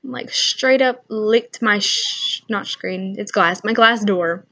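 A woman's voice: mid-range voice, slow pace, sharp tone. A young woman chatting casually on her own vlog, rambling through funny stories about kids and laughing as she goes. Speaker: channel owner.

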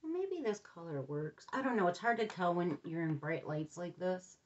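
A woman's voice: on the low side, lively intonation, normal speed, highs cut off. A middle-aged woman giving a casual makeup review, chatty and rambling, often muttering to herself under her breath. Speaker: beauty vlogger.

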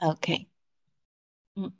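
A Mandarin teacher gives an online lesson in English over a video call, speaking slowly and patiently. She stretches out syllables as she models them, and the audio sounds dull.

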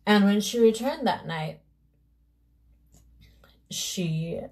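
A woman vlogger telling a fairy tale casually while doing her makeup, with loose, unhurried asides. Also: medium pitch, expressive, darkish tone. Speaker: beauty vlogger.

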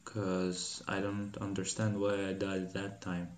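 A man hosting a gaming channel, giving casual gameplay commentary, profane and swearing freely, with animated outbursts of mock anger. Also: sits low, takes it slowly, reverberant, slight background noise.

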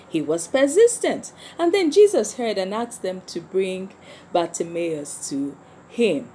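A woman's voice: medium pitch, sing-song, mellow, husky. A woman teaching a Sunday school lesson to kids, asking questions and answering them herself. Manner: slow, coaxing tag questions. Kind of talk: children's lesson.

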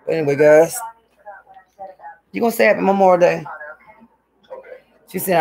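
A woman's voice: lowish voice, moderate pace, gravelly, pauses often, a little mellow. A woman chatting casually to her viewers from home on a hot day. She rambles from one thing to the next and keeps calling the audience y'all. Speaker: vlogger.

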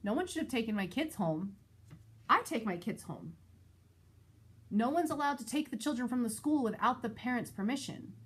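A woman vlogger and mother telling a personal story in a casual, animated, exasperated way. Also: moderate pace, breathy edge. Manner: animated, exasperated retelling with shifting pitch. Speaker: parent of school-age kids.

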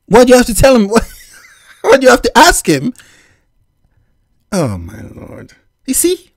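A man's voice: high-pitched, darkish tone, slightly rough, dry recording, studio quality. A man from Nigeria hosting a reaction video, giving opinionated, lecturing commentary on a clip.

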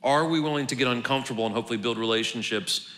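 Racing along in a medium-pitched, slightly bright voice, a pastor gives a relaxed sermon full of jokes and restarted words. Long reverb from the large church hall and faint ambience surround his speech.

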